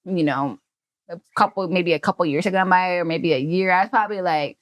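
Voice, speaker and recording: A woman, a podcast guest, telling a childhood story in a casual, animated way. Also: lowish voice, brisk. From Hawaii. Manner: animated storyteller who acts out quoted family members.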